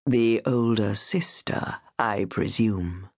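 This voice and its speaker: A woman narrating an audiobook voices a sinister, amused male aristocrat with a mellifluous voice and a soft, mocking drawl. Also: extremely low pitch, slow pace, husky, no room sound, studio quality, voice pushed down, heavily acted. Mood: silkily menacing. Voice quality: mellifluous, silky. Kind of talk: audiobook character voice.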